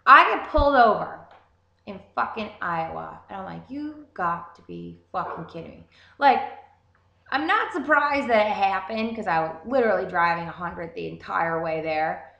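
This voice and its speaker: A young woman telling a story in a casual, animated way, swearing constantly. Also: mid-range voice, moderate pace, gravelly, highs cut off. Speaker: vlogger. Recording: roomy echo.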